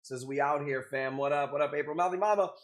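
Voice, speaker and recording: Guy running a live stream, kinda high voice, chatty and upbeat, shouting out viewers. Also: fast talker. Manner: upbeat, greets viewers by name. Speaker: live-stream host selling corals. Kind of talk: casual live-stream chat.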